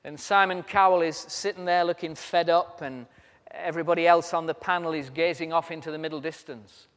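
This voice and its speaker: A man's voice: fairly high pitch, fairly even intonation, fairly quick, fairly bright tone. A British man preaching at a convention, telling stories with humor as he walks about. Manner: storytelling with humor, walks around while speaking. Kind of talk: sermon. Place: large convention hall. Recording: reverberant hall.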